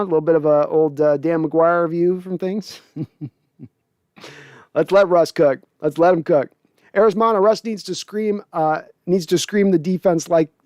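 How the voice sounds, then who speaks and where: Hosting a casual podcast livestream, a man reads viewer chat messages aloud, joking, cursing freely and laughing often. His voice is fairly high yet darkish in tone. He's miked close in a dry room with no echo.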